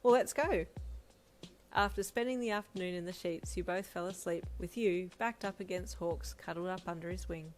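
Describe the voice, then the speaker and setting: Woman reading a romance story softly. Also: on the low side, brisk, hardly any pauses. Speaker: fan fiction reader. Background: faint lo-fi music.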